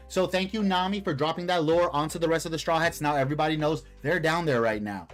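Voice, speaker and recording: A man's voice: a little high, fairly quick, few pauses, faint music behind. A man hosting a casual live stream, reading a comic aloud and commenting in a slangy, hyped, rambling way. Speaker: streamer, host.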